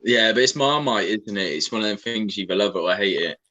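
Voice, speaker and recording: Playful man, lively and bright. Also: on the low side, fast, lo-fi sound. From Wales. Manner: playful, laughing, easygoing. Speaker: guest. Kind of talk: casual chat on a video call.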